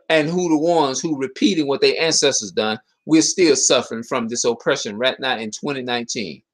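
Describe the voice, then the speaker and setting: A man with a mid-range, slightly bright voice gives his viewers a passionate, preachy monologue as a video commentator. Again and again he presses the same rhetorical questions, stumbling and beginning sentences over.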